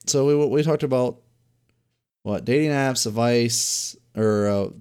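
A man's voice: mid-range voice, slow, darkish tone, clean tone. A young man co-hosting a podcast in casual chat, rambling with lots of filler words and swearing. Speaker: podcast co-host.

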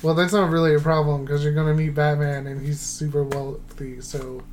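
A man's voice: on the high side, flat delivery, normal speed, a crowd in the background. A man co-hosting a casual movie podcast, wry and sarcastic, often trailing off mid-thought. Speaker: podcast co-host.

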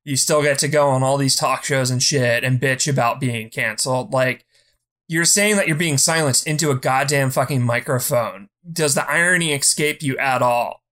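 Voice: mid-range voice, normal speed, a bit bright. A podcast co-host in casual chat, ranting bluntly with lots of swearing and repeated false starts. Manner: blunt, profane, heated ranting; repeats words when starting.

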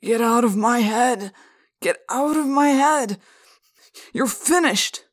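A woman voicing a frantic, shouting male teacher. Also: on the high side, very slow, voice pushed up. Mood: anguished screaming. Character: panicking middle-aged male teacher, tormented.

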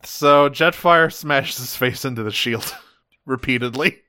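A man's voice: medium pitch, unhurried, bright, forceful tone, no room sound, clean studio sound. A man co-hosting a casual chat, laid-back and swearing a lot. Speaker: podcast co-host.

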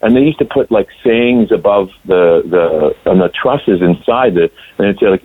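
A man guest in a podcast interview, telling a story earnestly and haltingly, with many restarts. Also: on the low side, no echo. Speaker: actor guest. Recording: tinny phone-like line.

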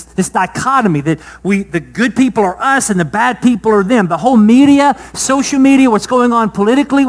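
A preacher with a high-pitched voice delivers a sermon. He throws rhetorical questions to the congregation, letting his voice swell loud before dropping soft. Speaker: pastor.

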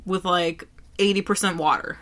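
A woman's voice: on the low side, fairly even intonation, normal speed, fairly bright tone. A woman co-hosting a casual chat, blunt and emphatic with strong opinions.

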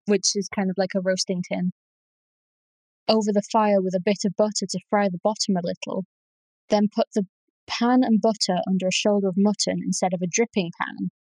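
A woman's voice: mid-range voice, darkish tone, dry recording, low-quality recording. A woman with a Lancashire accent explaining food history in a casual chat, thoughtful and full of ums. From Lancashire, England.

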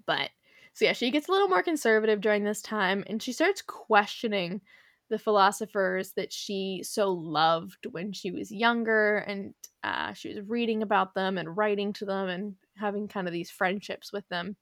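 A woman's voice: medium pitch, lively intonation, moderate pace, a bit bright, no room sound, clean studio sound. A young adult woman hosting a podcast, chatting casually about history with lots of fillers and frequent laughs. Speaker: podcast host.

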